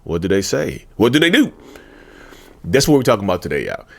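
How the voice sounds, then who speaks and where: A man with a deep voice talks straight to the camera, his pitch jumping up and down as he goes. He holds a handheld mic while seated at home, speaking colloquially with folksy asides and repeated phrases. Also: wildly swooping pitch, a little fast, vocal fry. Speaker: YouTube host talking about narcissism. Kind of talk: casual direct-to-camera talk.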